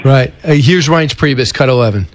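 A man's voice: medium pitch, normal speed, a little hiss or hum. A man hosting a talk radio show, conversational and given to sarcastic asides as he questions his guest.

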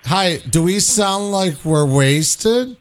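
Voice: medium pitch, expressive, takes it slowly. A radio morning show co-host in casual on-air banter, giggly and teasing.

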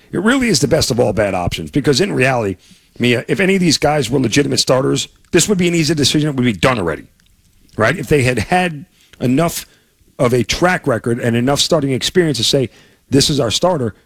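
A man's voice: mid-range voice, husky, no room sound. A man co-hosting sports radio talk, plain-spoken and emphatic with folksy sayings, on a studio microphone.

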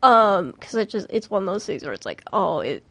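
A woman's voice: mid-range voice, sing-song, fairly quick, a bit bright, breathy edge, no echo. A young woman co-hosting a casual podcast chat, rambling with many restarts and frequent giggles. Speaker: podcast co-host, mock trial team member.

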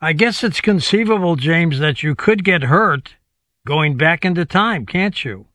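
Radio host guy taking calls, brisk, kinda high voice, dry close mic. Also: lively intonation, pushed and bright, no room sound. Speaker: radio talk show host. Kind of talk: live call-in radio hosting.

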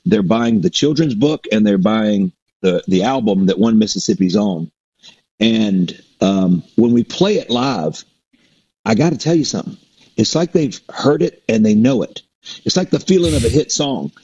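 A middle-aged man with a slightly husky voice tells long stories about his shows, circling back with restarts and fillers. The audio sounds dull and lo-fi, as if through a modest mic. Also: on the low side, lively intonation, moderate pace, warm tone. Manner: rambling, with many restarts and fillers. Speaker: performer and guest. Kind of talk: casual interview storytelling. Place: performs a resident show in a Mississippi theater.

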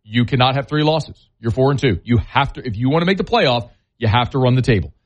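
A man's voice: mid-range voice, expressive, fast. A blunt man hosting a sports talk radio show. He scolds and jokes in a plain, folksy way. The sound is a little dull. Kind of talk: opinionated sports talk and live-read ads.

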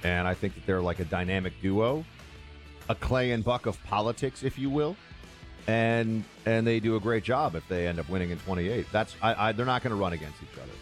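Chatty low-voiced radio host. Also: male voice, a little fast, soft background music. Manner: loose, chatty, filler-heavy. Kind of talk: talk radio hosting.

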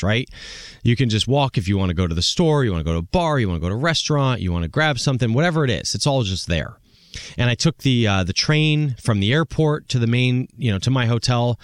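A man with an American accent hosting a call-in tech radio show, telling stories in a chatty, animated way. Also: mid-range voice, dry recording, studio quality. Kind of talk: casual call-in radio talk.

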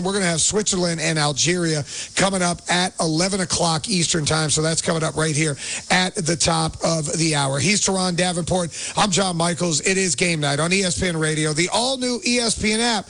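A man's voice: sits high, creaky, fairly bright tone. A man hosting a sports radio show in an upbeat, chatty way. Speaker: radio host.

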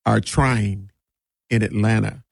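A man hosting a radio show in a studio, chatting casually and joking with slang and a relaxed drawl. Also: lowish voice, slow, gravelly, no echo.

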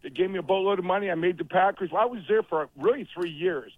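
A man in his fifties, a former football player and guest on the show, telling animated stories and acting out the quotes over a phone line. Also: high-pitched, fast talker, no echo. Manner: animated storyteller, acts out quotes. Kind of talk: casual phone interview storytelling.

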